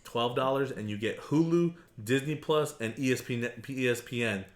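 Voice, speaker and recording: A man co-hosting a casual podcast chat, animated and quick to laugh. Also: mid-range voice. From Arizona. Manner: animated, laughs often, puts on silly voices. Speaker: podcast co-host. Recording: echoey room.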